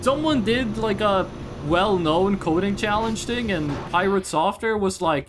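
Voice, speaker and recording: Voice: mid-range voice, expressive, unhurried, noisy background. A streamer chatting casually and rambling over gameplay, swearing freely and jumping between topics.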